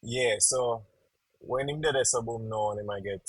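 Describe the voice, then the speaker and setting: A man's voice: medium pitch, normal speed, slightly rough, no echo, rough recording. A young man, hosting a casual podcast chat and animatedly stumbling over repeated words while he searches for them. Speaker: podcast host.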